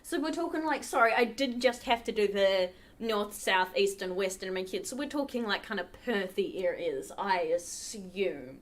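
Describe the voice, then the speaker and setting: A woman's voice: medium pitch, expressive, normal speed, hardly any pauses. A woman hosting a charity livestream, chatting casually with viewers while she plays a game at her computer. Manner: chatty, talks to the chat while playing. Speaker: livestream host. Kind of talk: casual gameplay commentary.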